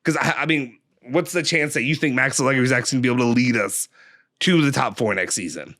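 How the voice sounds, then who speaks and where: A man's voice: mid-range voice, quick pace, fairly bright tone. A man hosting a football fan channel, giving a frustrated, angry match reaction rant full of rhetorical questions.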